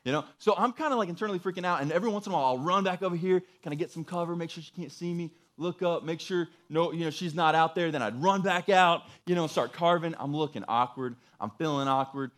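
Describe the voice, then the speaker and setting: A man's voice: on the high side, quick pace, hardly any pauses, fairly bright tone. A young adult man preaching a sermon by telling a personal story in a casual way, full of asides and rhetorical questions. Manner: casual storytelling, lots of "dude" and "right?". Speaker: pastor.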